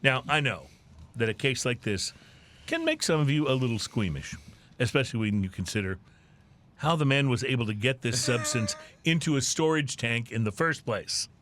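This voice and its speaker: A man's voice: medium pitch, sing-song, normal speed, a bit bright, slight background noise. A man hosting a playful drinking-news segment on a podcast, reading stories with theatrical, punny delivery.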